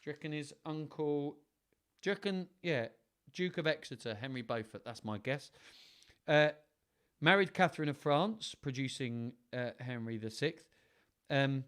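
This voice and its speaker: A playful young man, chatting on a live stream as he thinks aloud. His voice sits a little higher than most men's. He wanders from one thought to the next in a relaxed, friendly way. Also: normal speed. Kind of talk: casual live-stream chat.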